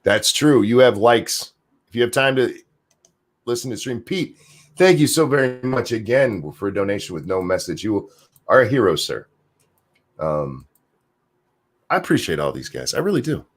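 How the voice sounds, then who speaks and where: Lively low-voiced man hosting a stream. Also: moderate pace, pauses often. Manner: reads chat aloud, rambling, swears casually. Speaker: podcast host. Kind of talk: casual livestream chat.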